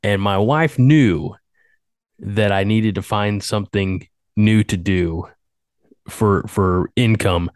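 A man with a lowish voice hosts a podcast, his sinuses a little congested. He rambles in a chatty, self-deprecating way, recorded on a dry, close mic. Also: slow, a little mellow, smooth, dry recording. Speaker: podcast host. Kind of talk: casual podcast chat.

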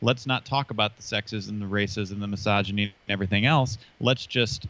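A man's voice: on the low side, fairly even intonation, normal speed, a bit bright. A man in his forties co-hosting a casual discussion, talking with a dry sarcastic edge and many um and you know fillers. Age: 40s. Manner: dryly sarcastic, lots of fillers. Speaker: podcast co-host. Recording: dull lo-fi sound.

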